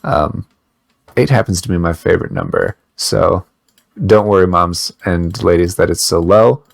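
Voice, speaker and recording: A podcast co-host with a deep voice and vocal fry chats at normal speed in a loose, rambling, joking way. The recording has no room sound.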